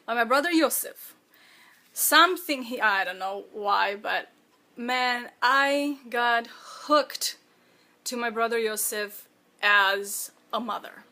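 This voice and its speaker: A woman who is the author of her own memoir, speaking in a personal, reflective monologue, halting and emotional as she fights back tears. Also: fairly high pitch, sharp tone.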